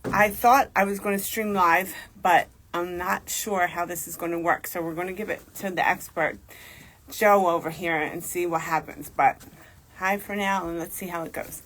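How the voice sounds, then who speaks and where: A woman's voice: fairly low pitch, steady tone, moderate pace, fairly bright tone. A woman hosting a podcast, chatting casually and laughing at her own lack of technical know-how. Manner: laughing, self-deprecating about technology. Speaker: podcast host. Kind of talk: casual chat. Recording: distant mic with faint noise.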